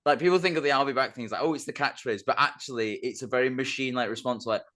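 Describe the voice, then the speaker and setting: A man co-hosting a film podcast in casual chat, gushing and animated, with lots of filler words. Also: mid-range voice, very fast. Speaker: podcast co-host.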